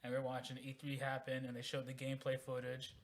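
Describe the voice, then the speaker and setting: Man, podcast co-host, mid-pitched, animated storyteller, casual. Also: fast. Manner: animated storyteller, acts out quotes.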